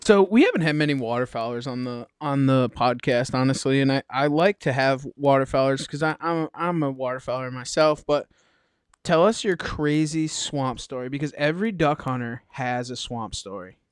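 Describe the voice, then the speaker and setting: A man hosting a podcast, telling lively, slangy stories in casual chat. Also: mid-range voice, moderate pace, clear, resonant tone, no echo, clean studio sound. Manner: animated, slangy storyteller. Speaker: podcast host.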